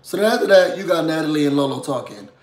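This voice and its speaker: A man with a hoarse voice from feeling under the weather, chatting casually and sassily as he recaps a reality TV episode and checks in with viewers. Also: a little high, lively intonation, fast talker, roomy sound. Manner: chatty, sassy, asks "you know what I'm saying?".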